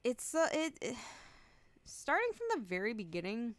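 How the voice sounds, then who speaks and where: A woman's voice: a little high, huge pitch swings, moderate pace, a bit bright, no echo. A young adult woman streamer chatting casually, rambling, giggling often and swearing freely. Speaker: VTuber streamer.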